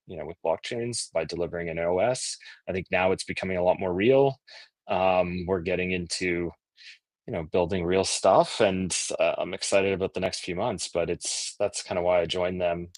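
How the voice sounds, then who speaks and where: Low-voiced man explaining casually. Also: dry recording. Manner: relaxed, filler-heavy explaining. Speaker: podcast guest. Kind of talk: casual interview chat.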